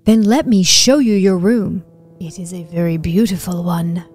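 A woman putting on a cold vampire lady who welcomes guests to her castle with slow, formal words and a voice pitched low. Behind her, faint music plays on from the game. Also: fairly even intonation, darkish tone, lightly acted. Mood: gracious. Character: stately female vampire castle owner, cold.

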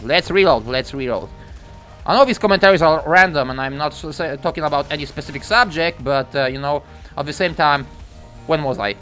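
A young man giving live commentary on his own gameplay, his voice bright and sharp and swinging widely in pitch. He is excitable and profane and jumps into sudden yelps and shouts. Faint game music plays underneath him.

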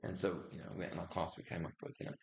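A male pastor giving a chatty sermon, halting with frequent restarts and asides to the congregation. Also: deep voice, flat delivery, vocal fry, slight background noise. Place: church hall. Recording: echoey church room.

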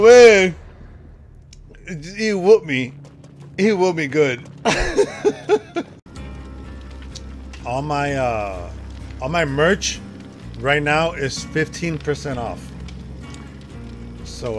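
A man streaming a horror game, reacting excitably with lots of laughter and panicked yelps. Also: medium pitch. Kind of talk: reacting to gameplay.

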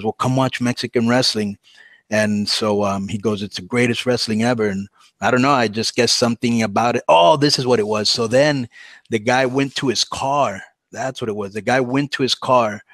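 A man telling a long story on a podcast, casual and animated, acting out the voices he quotes. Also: on the low side, dry recording. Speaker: podcast guest.

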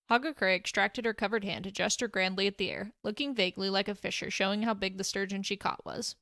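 A woman narrating a fan fiction story aloud in a steady storytelling way. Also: medium pitch, fast, hardly any pauses, no room sound, clean studio sound.

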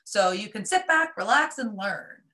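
A woman presenting a live online marketing workshop, upbeat and chatty, her voice a little raspy as she is losing it. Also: mid-range voice, expressive, a little slow, sharp tone. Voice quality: slightly raspy. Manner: upbeat, chatty, many fillers.

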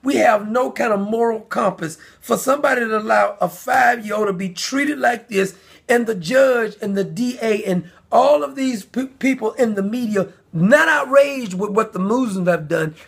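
A man hosting his own commentary video, talking in a heated, indignant rant that often rises to shouting. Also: sits high, normal speed, gravelly, breathy edge. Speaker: commentary channel host. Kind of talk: angry ranting commentary.

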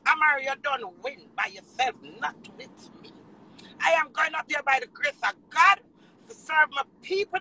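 High, piercing Jamaican woman ranting. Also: poor audio. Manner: ranting, swinging from low mutters to shouts; heavy patois swearing. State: tearful. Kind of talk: emotional live rant.

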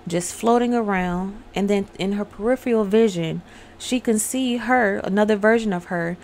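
A woman's voice: mid-range voice, normal speed, a little mellow. A young adult woman hosting her own channel, casually recapping a film in a chatty, storytelling way, talking straight to her viewers. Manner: acts out characters' lines. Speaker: online host recapping a film. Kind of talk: casual spoken movie recap.

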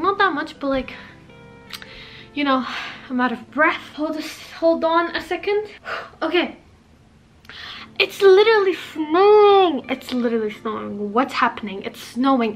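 A young woman chatting excitedly and breathlessly on a handheld phone camera in a casual vlog, now and then slipping into Arabic phrases. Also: sits high. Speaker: vlogger.

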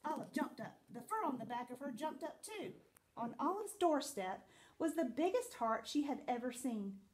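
A woman teacher reading a picture book aloud to children, in an expressive, sing-song storytelling manner. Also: high-pitched, normal speed.

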